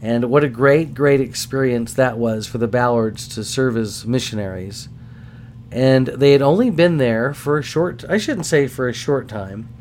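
A middle-aged man hosts a podcast in an easygoing storytelling manner. His voice sits at a mid pitch, and he gets animated and pokes fun at himself as he goes. A faint hum stays in the background. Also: normal speed. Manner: animated, self-deprecating, acts out voices in anecdotes. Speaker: podcast host. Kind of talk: casual storytelling.

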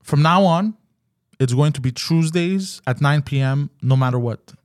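A man's voice: a little high, normal speed. A man hosting a casual live podcast, talking loosely with slang and swearing. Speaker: podcast host. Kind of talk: casual live-stream chat.

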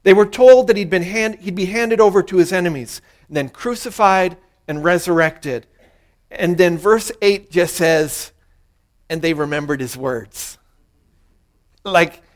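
A man's voice: high-pitched, measured pace. A man preaching a sermon as pastor, earnest and repeating his key lines for emphasis.

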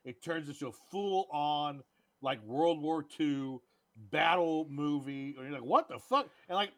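A man's voice: a little high, unhurried. A man co-hosting a movie podcast, chatting casually and joking around with silly put-on accents. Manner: jokey, animated, slips into silly put-on accents. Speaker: podcast co-host. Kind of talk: casual banter about movies.

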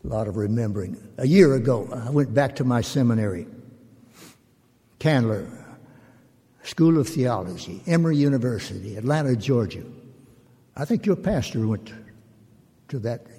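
An older man, a pastor, giving a slow and reflective sermon in measured, drawn-out phrases. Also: mid-range voice, lively intonation, mellow, husky. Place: church sanctuary. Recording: long reverb of a church hall.

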